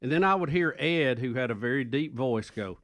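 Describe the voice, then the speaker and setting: A man co-hosting a talk show, telling stories in a folksy, animated way. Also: mid-range voice, a little fast. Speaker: radio show co-host. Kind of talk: casual chat.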